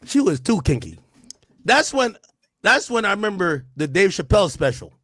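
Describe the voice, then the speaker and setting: A man from Jamaica hosting a casual livestream, talking loud and animated, acting out quotes between laughs. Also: high voice, moderate pace, no echo. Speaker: streamer host.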